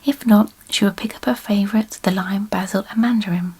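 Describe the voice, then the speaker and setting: A woman reading a story aloud as an ASMR storyteller in a slow, soft whispered role-play. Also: mid-range voice, steady tone, slightly rough.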